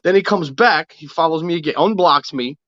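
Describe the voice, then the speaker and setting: A man talks loud and profane, ribbing friends in casual podcast banter. His voice sits high, and the sound is dull and lo-fi with a very dry, close feel. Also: fairly quick, no room sound. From New York City. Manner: brash, profane storyteller. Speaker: podcast co-host.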